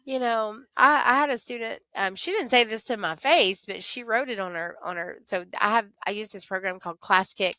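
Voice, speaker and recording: Woman teacher, heartfelt and animated, close dry mic. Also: medium pitch, brisk, hardly any pauses, dry recording. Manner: earnest, animated storytelling, acts out voices of kids. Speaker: teacher, podcast guest. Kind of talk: casual interview chat.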